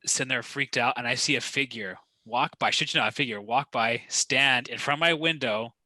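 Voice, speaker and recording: A man's voice: medium pitch, moderate pace, pushed and bright, no echo. A young man co-hosting a podcast, telling a profane story in casual chat with frequent laughter. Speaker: podcast co-host.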